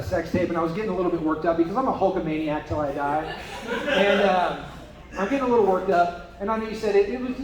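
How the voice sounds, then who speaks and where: A young man with a high voice works through a crude stand-up set, tossing in deadpan asides between his um and uh fillers. His voice carries the ring of an echoey live room at a brewery comedy night.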